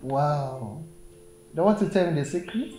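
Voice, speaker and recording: A flirtatious, teasing lover with a Ghanaian accent, voiced by a woman, speaks in a very deep, slow voice that swoops up and down. The room is echoey with soft music underneath. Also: animated. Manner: teasing, playful, repeats herself. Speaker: actor in a comedy drama. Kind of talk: comedic film acting, Ghanaian English.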